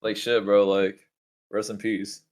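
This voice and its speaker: A man's voice: lowish voice, flat delivery, measured pace. A young man chatting casually on a podcast, rambling with many fillers as he tells stories. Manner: rambling, lots of likes and bro. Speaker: podcast co-host. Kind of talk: casual chat.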